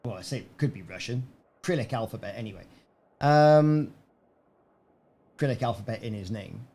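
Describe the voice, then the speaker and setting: A man's voice: mid-range voice, moderate pace, mellow. A man casually chatting on a game live stream, rambling and answering viewers by name. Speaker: gaming streamer.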